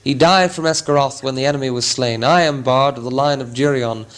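A man voicing a fierce, proud bowman hero who speaks in a forceful, commanding way in a storybook reading. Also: medium pitch, fairly quick, natural voice.

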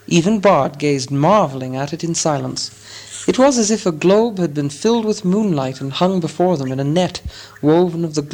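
A man narrating an audiobook in a measured storytelling manner. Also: a little high, a little mellow.

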